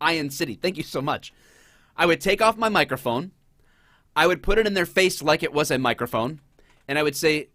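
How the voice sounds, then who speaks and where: A middle-aged man hosting a casual commentary show, talking in an animated, sarcastic way. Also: fairly high pitch, moderate pace, dry recording, clean studio sound. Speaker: host.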